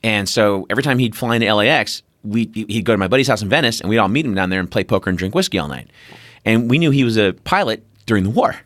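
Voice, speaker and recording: A middle-aged man in casual podcast chat, his pitch swinging widely as he tells stories. He slips into voices for the people he quotes and swears freely. The sound is dry and close. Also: expressive, fast, fairly bright tone, no room sound. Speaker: podcast host.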